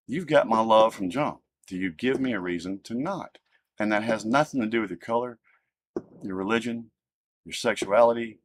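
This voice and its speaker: A man hosting a livestream, ranting with profanity and swinging between loud outbursts and low muttering. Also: normal speed. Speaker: livestream host. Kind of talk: heated ranting livestream talk.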